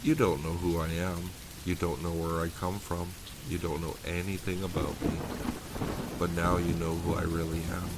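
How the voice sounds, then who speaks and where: Deep-voiced guy doing creepy first-person horror, slow and calm, hissy old mic. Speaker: horror story narrator. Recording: hissy older home recording.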